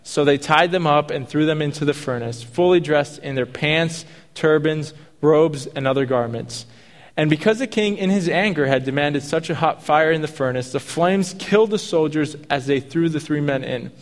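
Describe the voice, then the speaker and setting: A man's voice: fairly high pitch, normal speed, big-room sound. A man preaching a sermon, reading scripture and adding casual, jokey asides. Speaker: pastor.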